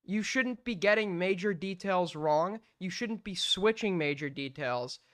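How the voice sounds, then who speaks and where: Bright, forceful man arguing on stream. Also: high-pitched, expressive, a little slow, no room sound, studio quality. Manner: blunt, argumentative, swears freely. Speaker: streamer host. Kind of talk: heated live-stream commentary.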